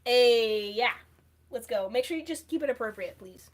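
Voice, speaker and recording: A woman's voice: on the high side, expressive, moderate pace. A woman who is losing her voice hosts a casual livestream, reading viewer comments aloud and answering them. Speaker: livestream host.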